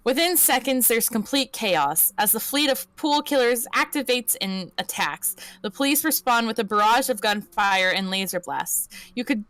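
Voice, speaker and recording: A woman's voice: on the high side, lively intonation, normal speed, hardly any pauses, a bit bright, no room sound. A woman streamer reading an interactive story aloud on a live stream, sometimes stumbling over words and correcting herself. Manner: reads narration aloud, stumbling and correcting herself, laughs often.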